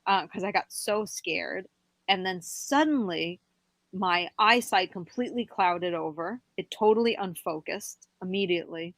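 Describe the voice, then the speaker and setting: Woman telling an eerie story, halting. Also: lowish voice, gravelly, no echo. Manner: halting, animated when quoting herself. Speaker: podcast guest. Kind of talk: telling a personal paranormal story.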